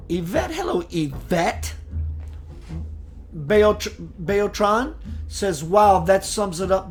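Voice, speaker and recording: Man on the higher side, hosts a spiritual livestream, reads chat, then slows into sermon-like talk, faint music under him. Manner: reads viewer comments, switches into slow preachy delivery. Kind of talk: live-streamed spiritual talk.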